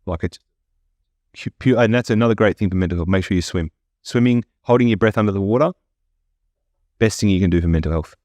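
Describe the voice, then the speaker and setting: A man hosting a podcast, rambling and swearing freely in a casual chat while high on edibles. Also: fast, pauses often, darkish tone, no echo, clean studio sound. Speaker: podcast host.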